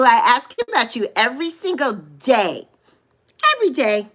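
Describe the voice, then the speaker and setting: This is a woman in her sixties hosting a casual livestream, her voice high and bright. She is unhurried and gushes with excitement, her pitch leaping around as she greets viewers one by one. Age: 60s. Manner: effusive, greets viewers by name with squeals of delight. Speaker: livestream host.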